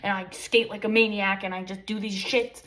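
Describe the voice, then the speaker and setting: Woman vlogging, rambly and sweary, gets loud then goes quiet. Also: mid-range voice, steady tone, fairly quick. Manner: swears often, rambling and emphatic. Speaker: spiritual vlogger. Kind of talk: casual motivational monologue.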